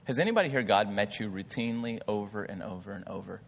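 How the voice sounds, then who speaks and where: A man's voice: lowish voice, quick pace, creaky, slightly rough, in a large hall. A man preaching a sermon in a conversational way, asking the crowd questions and leaning on "like" as a filler. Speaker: pastor.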